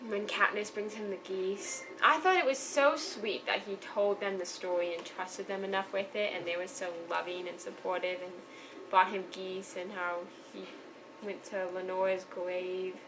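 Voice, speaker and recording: A woman's voice: medium pitch, fairly even intonation, normal speed, noisy background. A young woman casually reviewing a novel she loved, chatty and gushing, often trailing off and restarting her sentences. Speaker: book reviewer. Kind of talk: casual book review vlog.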